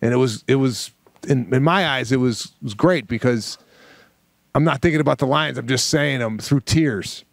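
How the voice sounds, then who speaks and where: A middle-aged man, a comedian co-hosting a podcast, telling a story with animated energy and acting out the dialogue. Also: mid-range voice, vocal fry, no room sound, clean studio sound. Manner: animated, acts out dialogue, fast bursts. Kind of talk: comic storytelling.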